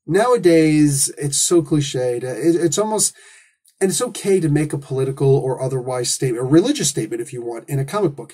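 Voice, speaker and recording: A man's voice: fairly high pitch, darkish tone, slightly rough. A man hosting a comic book review, talking in a casual, opinionated monologue full of rhetorical questions and asides.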